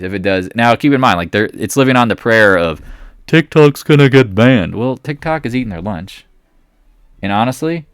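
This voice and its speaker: A man hosting a trading channel, giving casual market commentary in an excitable, jokey way with rambling asides. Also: sits low, no room sound, studio quality.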